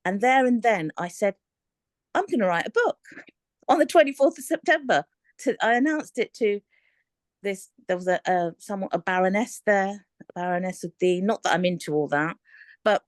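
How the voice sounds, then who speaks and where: A woman, talking candidly and in a rambling, animated way on a coaching call, often laughing. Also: medium pitch, normal speed, no room sound. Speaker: aspiring author on a coaching call. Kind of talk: candid casual chat.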